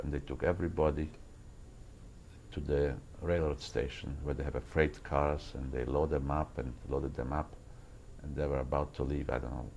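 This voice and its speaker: Deep gravelly old man, halting testimony. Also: a little mellow, slight background noise, poor audio. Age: older. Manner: halting, repeats words while searching for them. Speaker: interviewee recounting wartime memories. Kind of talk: personal testimony.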